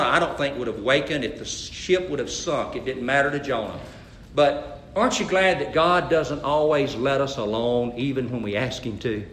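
Folksy male preacher, bright and high, restarts often, echo in the room. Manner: folksy, stammers into restarts, acts out bible characters loudly. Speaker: pastor. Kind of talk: sermon.

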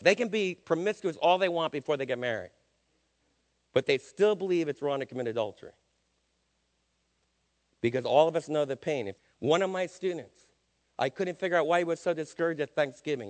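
A man's voice: a little high, big-room sound. An older man preaching a sermon, emphatic and questioning his listeners.

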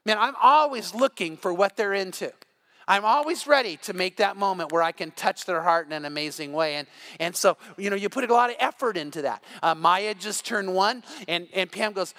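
An older male pastor delivers an evening sermon with a high-pitched voice. His tone is bright and ringing, and he tells lively stories, stumbling and restarting his sentences as he goes. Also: a little fast. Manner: animated storytelling with repeated restarts.

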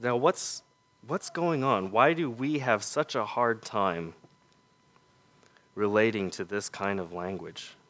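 A male preacher delivers an earnest sermon in a low voice, speaking slowly and deliberately and posing one rhetorical question after another. At key points his voice drops to soft, quiet, emphatic lows.

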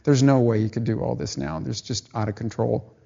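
A man's voice: mid-range voice, steady tone, a little fast, gravelly, mellow, husky, dull audio. A man preaching a testimony in a rambling, emphatic storytelling way, restarting his sentences often. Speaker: lay preacher giving a testimony. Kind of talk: sermon testimony.

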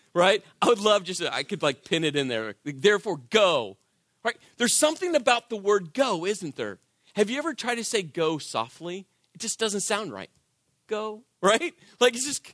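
A man preaching a sermon in church, conversational and animated, often asking the congregation "right?" and swinging from shouted emphasis to soft, intimate delivery. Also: sits high, dry recording, clean studio sound. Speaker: pastor.

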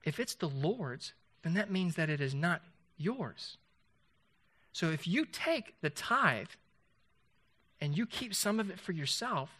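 A man's voice: a little high, bright, forceful tone. A man preaching a sermon in a conversational way, asking the congregation rhetorical questions and often restarting his sentences. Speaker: pastor.

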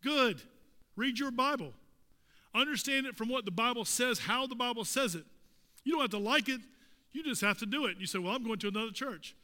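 A man's voice: extremely high pitch, lively intonation, moderate pace, pauses often, sharp tone, in a large hall. A male pastor preaching a sermon, asking the congregation pointed rhetorical questions with emphatic delivery. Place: church sanctuary.

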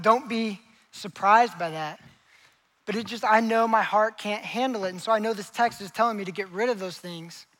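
Young pastor preaching, high bright voice, acts out the characters in his stories. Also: poor audio. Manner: animated storytelling, acts out characters. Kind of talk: sermon.

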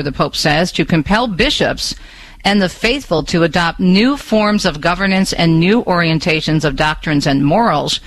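A man's voice: a little high, a bit bright, no echo, rough recording. A man hosting a radio talk show, speaking with passion and rhetorical questions, adding chatty asides to listeners and reading the news into a studio microphone.

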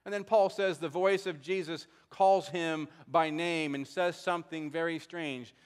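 A man preaching a sermon, his voice sitting somewhat high for a man. He reads scripture and stops to ask pointed questions. A long reverb hangs behind him from the large hall. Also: steady tone, measured pace, smooth. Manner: questioning, explains scripture aloud. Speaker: pastor.

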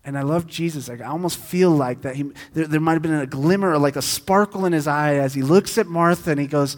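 A man preaching a sermon, shifting between quiet, hushed stretches and loud, intense passages. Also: a little high, fairly quick, few pauses, in a large hall. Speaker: pastor.

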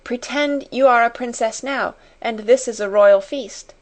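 Excitable shy schoolgirl read by a woman, pitched high, gushing. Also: unhurried, natural voice. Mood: eager.

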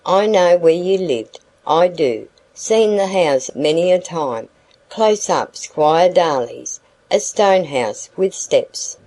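Storybook peddler, young man, sly and flattering, rustic speech, read by a woman; unhurried, mellow. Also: on the low side, full character voice, low-quality recording. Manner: rustic dialect, wheedling flattery.

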